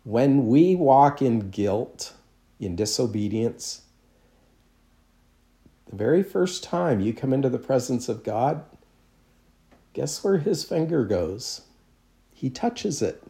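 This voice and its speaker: A man's voice: mid-range voice, big pitch swings, slow, long pauses, mellow. A man, a pastor, preaching a sermon in a conversational storytelling way with self-deprecating humor.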